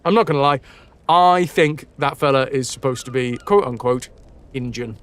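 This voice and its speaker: A man's voice: mid-range voice, steady tone, normal speed. A man reading old campfire stories aloud on a live stream, stumbling over words and breaking off for casual, swearing asides. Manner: casual, swears now and then; jumps between quiet asides and loud, sing-song emphasis.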